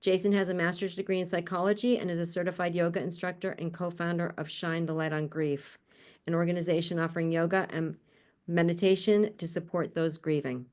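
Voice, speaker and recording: A woman hosts an online panel over a video call, introducing each guest warmly. She is chatty and laughs often, with friendly asides between names. Her voice sits slightly low for a woman. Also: fairly even intonation, brisk. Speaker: panel host.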